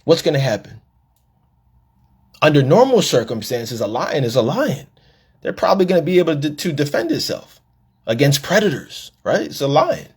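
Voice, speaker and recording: A middle-aged man, a podcast host and life coach, gives a live-taped monologue in a preachy, storytelling style, repeating words and acting out the people he quotes. His voice sits on the high side, with big swings in pitch, a normal speed, and a slightly rough quality.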